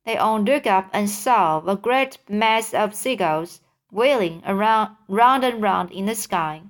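A woman reading a children's book aloud as narrator, clear and unhurried. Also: medium pitch, lively intonation.

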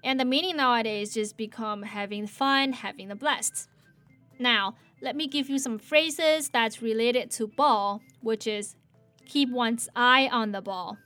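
A woman hosting a casual English lesson, playful and animated, modeling sentences slowly and repeating them. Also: on the high side, faint music behind. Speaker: English teacher.

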